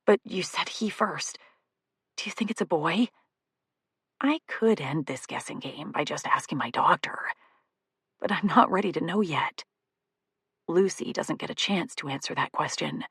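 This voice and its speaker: Expressive woman reading an audiobook. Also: mid-range voice, moderate pace, gravelly, husky, dry recording, clean studio sound. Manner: expressive, comic, emotional first-person reading. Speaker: audiobook narrator. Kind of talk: first-person audiobook narration.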